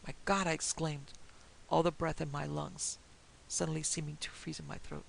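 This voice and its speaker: A woman narrating a classic horror story in a steady, measured storytelling manner. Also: low-pitched, gravelly, a little hiss or hum, rough recording.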